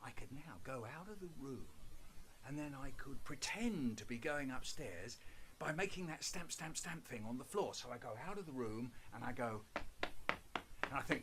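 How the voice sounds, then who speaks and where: A man telling a funny story, switching between a shouting mum and a sheepish child. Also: mid-range voice, animated, moderate pace, noisy background.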